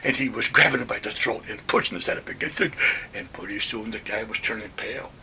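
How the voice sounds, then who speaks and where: A man in his nineties from Western New York telling his army stories in a plainspoken, animated way. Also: on the low side, fast talker, far from the mic, a little hiss or hum. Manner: plainspoken, animated retelling with acted-out quotes. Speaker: WWII veteran telling war stories. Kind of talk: oral history storytelling.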